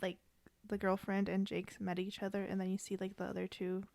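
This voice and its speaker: A woman's voice: medium pitch, completely flat delivery, brisk, vocal fry, a little mellow, no room sound. A woman co-hosting a podcast, chatting casually about a film with lots of "like" fillers. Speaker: podcast co-host. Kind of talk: casual chat.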